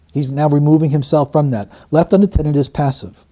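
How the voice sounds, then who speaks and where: A man with a fairly high, very mellow voice talks through a recorded statement. He picks it apart phrase by phrase in a steady, teaching tone. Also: fairly quick. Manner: explanatory, breaks down quotes phrase by phrase. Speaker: statement analyst. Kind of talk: analytical commentary.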